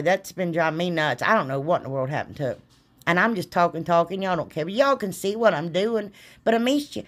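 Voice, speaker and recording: A middle-aged woman, hosting a craft channel and chatting in a rambling, folksy way, talking straight to her viewers. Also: on the low side. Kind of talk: casual chatty craft tutorial.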